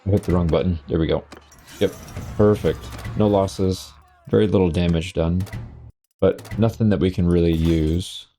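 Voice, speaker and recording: Low, mellow-voiced man commentating gameplay. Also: moderate pace, soft background music. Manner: relaxed, chatty, reacting to the game as he plays. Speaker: gaming channel host.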